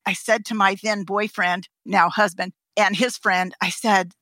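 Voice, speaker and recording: Give me a lively woman podcast guest spinning an anecdote, dry close sound. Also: mid-range voice, normal speed, no room sound. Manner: animated, laughs often, acts out voices. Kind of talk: anecdotal storytelling.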